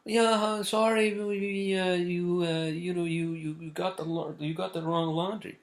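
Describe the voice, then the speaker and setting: Brief: man putting on a high, stammering laundromat lady, apologetic, thick accent. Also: little pitch movement, normal speed.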